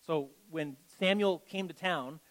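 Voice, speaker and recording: Pastor guy giving a sermon, kinda high voice, super conversational, reads verses then riffs. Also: unhurried, rough recording. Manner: conversational, animated, many "like" and "okay" asides. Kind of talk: sermon with scripture reading.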